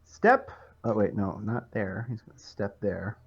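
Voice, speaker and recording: A man's voice: on the low side, big pitch swings, unhurried, husky. Matter-of-fact male player, muffled. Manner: plain, matter-of-fact turn calling. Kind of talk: tabletop game play.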